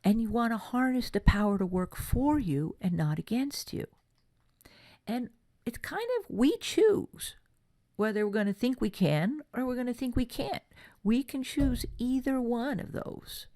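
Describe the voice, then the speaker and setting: A woman from California giving a motivational workshop talk, telling personal stories in a chatty, lively way. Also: on the high side, no room sound. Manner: chatty storytelling, lively asides. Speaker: workshop presenter.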